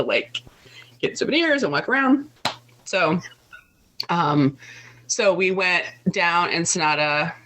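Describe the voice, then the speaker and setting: A woman's voice: deep voice, a bit bright, rough recording. A young woman co-hosting a podcast, telling a long travel story in casual chat with lots of fillers. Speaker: podcast co-host.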